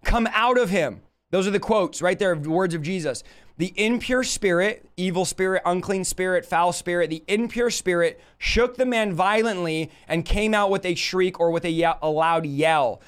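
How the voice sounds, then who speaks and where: A man's voice: high-pitched, moderate pace, clean tone. A man preaching a live-stream Bible teaching, emphatic and full of rhetorical questions to his audience.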